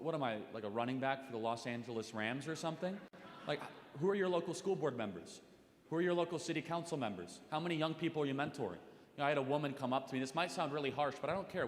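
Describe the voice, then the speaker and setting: A man speaking on a panel at a live event, talking urgently and rising to forceful emphasis. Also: medium pitch, slight background noise. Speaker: talk radio host on a panel. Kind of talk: impassioned panel speech. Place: large hall with audience. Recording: echoey hall reverb.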